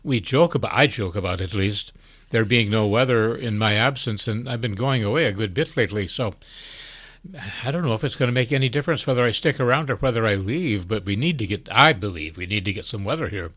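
An older man hosting a casual chat, talking in a chatty, wry and unhurried way. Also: on the low side, fairly bright tone, no echo. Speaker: host.

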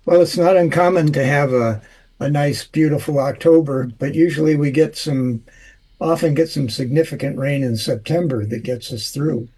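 Husky-voiced man, folksy and hesitant. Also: a little high, normal speed, darkish tone. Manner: folksy, hesitant with many uh's. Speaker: weather and humor regular. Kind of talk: casual chat.

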